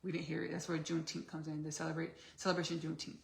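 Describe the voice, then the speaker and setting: A woman's voice: low voice, little pitch movement, very fast, creaky, roomy sound, heavy background noise. A Texan woman hosting a podcast in casual chat while she cooks in a home kitchen, rambling, laughing often and calling her listeners "baby" and "y'all". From Austin, Texas. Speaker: podcast host.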